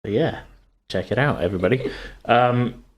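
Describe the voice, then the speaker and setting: A man hosting a casual podcast chat, speaking haltingly with plenty of filler sounds. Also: mid-range voice. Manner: hesitant, many filler sounds. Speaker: podcast host.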